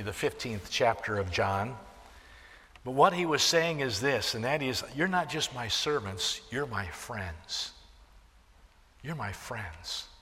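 A man preaching a sermon, swinging from hushed near-whispers to loud emphatic declarations and quoting scripture. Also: medium pitch, in a large hall. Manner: restarts and fillers, quoting scripture.

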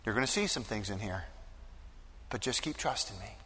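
A man voicing a gentle, reassuring figure who speaks softly to comfort a grieving father. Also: on the low side, expressive, moderate pace, big-room sound, a little hiss or hum, voice pushed down. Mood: hushed comforting. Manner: soft, hushed, consoling.

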